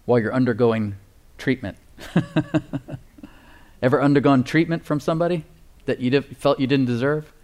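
A man preaching a sermon, slowing down to stress key phrases and calling for responses from the congregation. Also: mid-range voice, darkish tone. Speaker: pastor.

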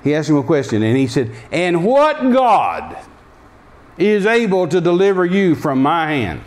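A man's voice: on the high side, very animated, unhurried, darkish tone. A man preaching a sermon, emphatic and repetitive, acting out the voices in the story. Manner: emphatic, repeating key phrases; acts out the story's speakers.

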